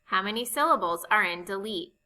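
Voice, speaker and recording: Woman teacher going over phonics rules, bright clear voice, slow and patient. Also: mid-range voice, animated, poor audio. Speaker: reading teacher. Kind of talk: recorded phonics lesson.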